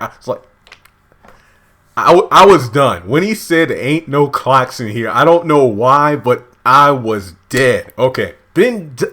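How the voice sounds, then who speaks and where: A man casually recapping a TV episode at home, lively and acting out characters' lines in high voices. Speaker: TV show reviewer. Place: home, indoors.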